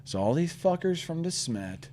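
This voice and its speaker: A man's voice: on the high side, big pitch swings, normal speed, dark tone. Profane St. man telling a story. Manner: profane, rambling anecdote with acted-out quotes. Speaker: podcast co-host. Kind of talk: casual storytelling chat.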